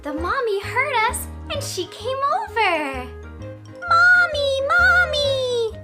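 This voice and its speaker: A woman's voice: very high-pitched, big pitch swings, a little slow. A woman teaching toddlers with an exaggerated, encouraging sing-song delivery. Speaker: children's educator. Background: music.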